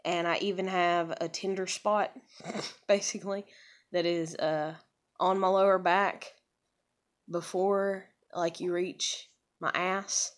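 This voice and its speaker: Woman vlogger, lowish voice, frank rambling storyteller, swears a lot. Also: steady tone, slow pace. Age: adult with a child. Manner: rambling, frank and profane, with many fillers. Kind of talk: casual personal storytelling.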